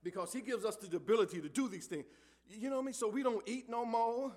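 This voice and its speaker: A male pastor preaching a sermon in church. He calls out to the congregation for answers and swings between hushed lines and loud ones. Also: extremely high pitch, fast talker. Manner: call-and-response preaching, swings from soft to loud. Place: church sanctuary.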